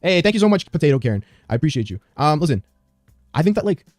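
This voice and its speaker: A man hosting a heated online debate, arguing quickly and hedging with filler words. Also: fairly high pitch, sing-song, darkish tone, dry recording, studio quality, faint music behind. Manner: rapid, hedging with "like".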